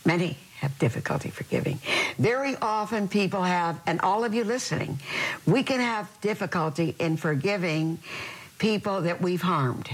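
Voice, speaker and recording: Husky older nun telling stories. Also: female voice, lowish voice, moderate pace, poor audio. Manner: earnest, animated storyteller. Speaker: religious sister in prison ministry. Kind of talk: storytelling interview.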